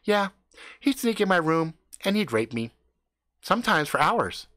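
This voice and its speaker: A woman's voice: lowish voice, very animated, a little slow, a bit bright, no echo, clean studio sound, pitched above the performer's own voice. A man voicing a blunt, mocking teenage girl on her way to camp. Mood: flat.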